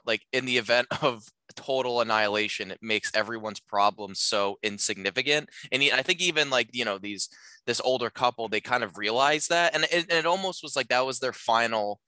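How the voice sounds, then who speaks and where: A man casually talking through a film on a podcast, rambling with lots of filler words and acting out lines in animated voices. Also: mid-range voice, a little fast, clean tone, no echo.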